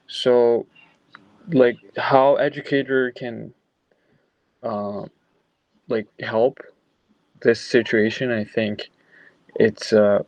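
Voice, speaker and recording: A man's voice: fairly low pitch, vocal fry, a little mellow, dry recording. A young man giving his opinion in a class discussion, hesitant and full of fillers. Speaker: student. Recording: dull lo-fi recording.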